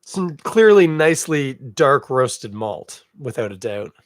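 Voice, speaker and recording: A man with a head cold hosts a relaxed live beer-tasting show, sounding stuffy and snuffly as he rambles. He jokes at his own expense between sips. His mid-range voice sits close and dry on the mic. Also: medium pitch, slow, dry recording. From Canada. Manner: chatty, self-deprecating, rambling asides. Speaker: podcast host.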